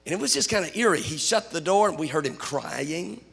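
High, gravelly man preaching in a hall. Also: a little fast. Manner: animated storytelling preacher, rising to shouts. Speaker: pastor. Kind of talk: sermon.

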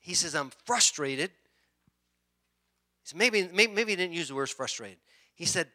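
A bright, forceful, slightly high voice belongs to a middle-aged male pastor delivering a sermon at a moderate pace. His style is loose and conversational, with restarted sentences and the occasional throat-clearing.

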